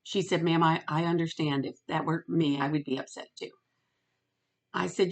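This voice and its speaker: Middle-aged woman vlogger, lower voice, animated rant with quoted dialogue. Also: moderate pace. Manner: animated, retells phone calls with quoted voices. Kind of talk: ranting storytime monologue.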